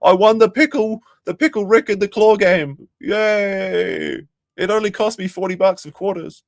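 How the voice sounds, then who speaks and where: A man's voice: sits high, big pitch swings, moderate pace, creaky, no echo, clean studio sound, pitched above the performer's own voice, heavily acted. A man putting on a mocking, squealing sing-song voice as a childish man bragging about a claw-machine prize.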